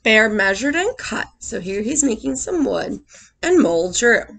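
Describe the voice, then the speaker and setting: A young woman teacher reading a picture book aloud to small children, with expressive sound effects and questions to the class. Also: on the high side, measured pace, creaky, a little hiss or hum.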